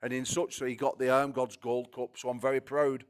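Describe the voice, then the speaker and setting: Excitable guy hosting a fight press conference, swears a lot, trips over his words. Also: medium pitch, brisk.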